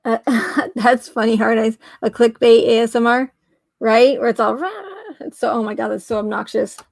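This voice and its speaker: A woman's voice: fairly high pitch, level tone, moderate pace, gravelly, no room sound. A woman hosting a casual livestream, reading aloud and rambling, often trailing off, correcting herself and laughing. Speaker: livestream host.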